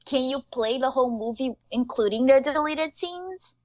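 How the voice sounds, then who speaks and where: A woman co-hosting a casual movie podcast, easy-going and quick to laugh along. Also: sits high, animated, a little mellow, no room sound, highs cut off. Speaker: podcast co-host. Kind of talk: casual movie-review chat.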